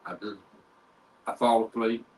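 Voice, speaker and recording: A man who sees spirits, answering in short, quiet, mumbled remarks during a casual chat. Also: fairly low pitch, fairly even intonation, unhurried, far from the mic, rough recording. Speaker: guest psychic medium.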